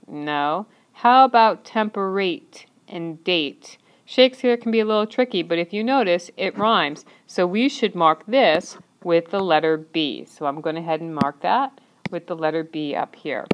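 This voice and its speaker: A woman's voice: fairly low pitch, measured pace. A woman teacher narrating an instructional lesson, patiently counting and clapping out syllables step by step.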